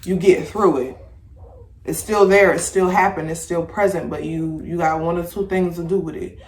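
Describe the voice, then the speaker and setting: A woman hosting a casual podcast chat, talking bluntly with plenty of swearing and lively storytelling. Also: fairly low pitch, normal speed, echoey room. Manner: blunt, profane, animated storytelling. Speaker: podcast host. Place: home room with incense.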